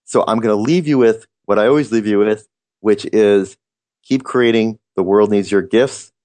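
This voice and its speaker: Podcast host, man, lowish voice, earnest and reflective, dry close-miked sound. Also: normal speed, a little mellow, no echo. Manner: earnest and reflective, with frequent restarts. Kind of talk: motivational podcast monologue.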